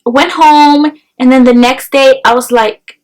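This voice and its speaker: Young woman vlogger, high voice, chatty storytelling full of "like". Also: a little slow, rough recording. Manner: chatty, peppered with "like", animated retelling. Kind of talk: casual storytelling vlog.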